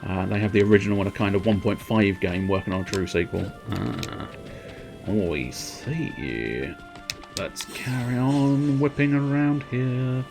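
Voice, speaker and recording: A man's voice: fairly low pitch, measured pace, gravelly, over music. A man casually commenting on his gameplay on a livestream, rambling and playful, humming tunelessly and swearing now and then.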